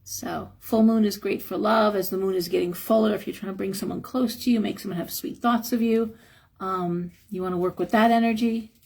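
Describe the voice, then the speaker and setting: Chatty woman with a husky, gravelly voice. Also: fairly even intonation, fairly quick, a little mellow. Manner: chatty, frank, acts out quotes with a higher voice. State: tired. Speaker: live stream host giving spiritual advice. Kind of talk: casual live-stream talk, reading chat.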